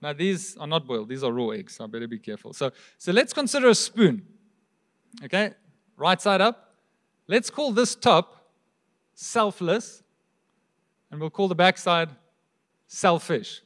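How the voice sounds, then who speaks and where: A man's voice: on the high side, very animated, unhurried, pauses often, fairly bright tone. A man preaching a sermon as pastor, with a South African accent, talking to the congregation in an easy, conversational way and throwing out rhetorical questions. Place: church hall.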